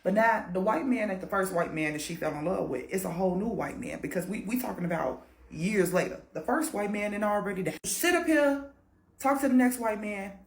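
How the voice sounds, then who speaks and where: A woman's voice: medium pitch, brisk. Lady spinning a spooky tale, cussing and laughing, roomy echoey sound. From Chicago, USA. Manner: animated, profane, laughs a lot. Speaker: storyteller. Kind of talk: casual paranormal storytelling. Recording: roomy echo.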